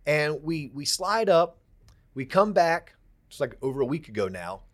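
A man's voice: on the high side, very animated, normal speed. A man co-hosting a podcast, chatting casually and enthusiastically about his news and business plans. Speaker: podcast co-host.

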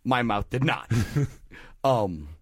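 A man's voice: medium pitch, lively intonation, extremely slow, husky, no echo, clean studio sound. A man co-hosting a casual comedy podcast, jokey and riffing, sometimes jumping into silly voices. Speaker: podcast co-host.

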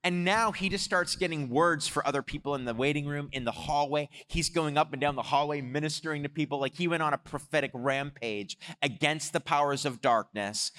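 A man preaching a sermon, telling a story in an animated way and swelling louder on his exhortations. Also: on the high side, fairly quick, hardly any pauses. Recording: long hall reverb.

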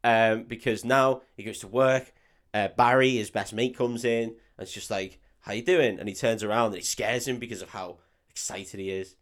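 A man's voice: lowish voice, fairly even intonation, normal speed, hardly any pauses, a bit bright. A man, co-hosting a podcast, recapping a film in casual chat, swearing and laughing often. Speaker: podcast co-host.

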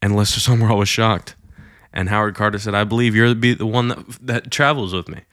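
Man, low voice, dry close sound, chatty faith storyteller who acts out quotes. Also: fairly even intonation, quick pace, fairly bright tone, no room sound. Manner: conversational retelling with many fillers, acting out quoted lines. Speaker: Christian storyteller. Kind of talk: casual storytelling.

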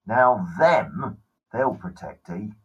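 Man voicing a gruff swearing warrior woman. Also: lowish voice, animated, slow, dull audio, pitched below the performer's own voice, full character voice. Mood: boastful. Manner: blunt, swears often. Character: gruff, hot-tempered woman traveller.

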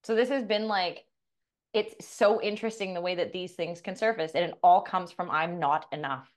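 A middle-aged woman who coaches and co-hosts a podcast tells a personal story with blunt, profane candor, acting out the dialogue. Her voice is lowish and her speed normal.

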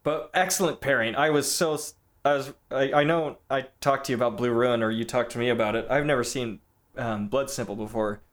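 A man's voice: medium pitch, brisk. Chatty man co-hosting a film podcast. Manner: chatty, laughs often, stammers on restarts. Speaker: podcast co-host. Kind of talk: casual film discussion.

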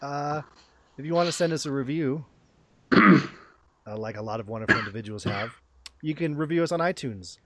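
A man's voice: medium pitch, expressive, moderate pace, long pauses, a bit bright, slight background noise. A male podcast host talking casually in an upbeat, rambling way with plenty of fillers.

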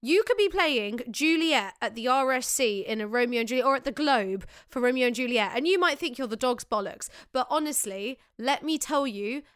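A woman talks frankly and bluntly on a podcast. Her voice is smooth and resonant and sits a little high, recorded dry and close in a studio. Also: animated, normal speed, few pauses, fairly bright tone, no echo. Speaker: podcast co-host. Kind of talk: casual chat.

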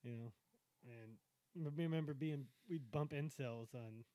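A man in a casual chat, reminiscing about the old days with halting restarts. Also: medium pitch, warm tone, no room sound.

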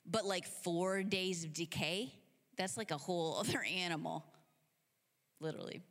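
A woman preacher telling stories in a sermon, animated and casual, with many filler words. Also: fairly low pitch, moderate pace. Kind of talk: sermon storytelling. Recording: long hall reverb.

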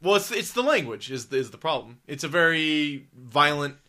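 A man's voice: fairly high pitch, sing-song, normal speed, bright, forceful tone. A man co-hosting a casual podcast, rambling and crude, laughing often. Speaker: podcast co-host.

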